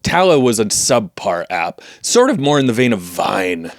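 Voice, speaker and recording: Male comedy co-host, lively swooping delivery, dry close sound. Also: fairly low pitch, normal speed, no echo. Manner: animated, playful riffing. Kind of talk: casual comedy podcast chat.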